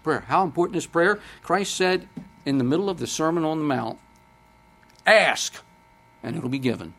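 A man's voice: on the high side, expressive, moderate pace, fairly bright tone. An older man preaching a sermon, speaking conversationally, quoting scripture and putting questions to the congregation.

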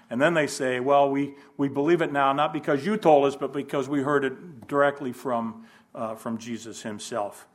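A man giving an informal Bible lesson, thinking aloud, asking rhetorical questions and adding folksy humor. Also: medium pitch. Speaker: Bible class teacher.

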